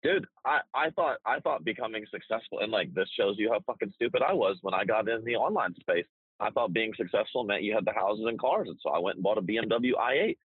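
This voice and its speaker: A man talking casually as a business coach, blunt and profane, telling stories with animated energy. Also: fairly low pitch, fast, breathy edge, dry recording, phone-quality sound. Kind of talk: casual podcast chat.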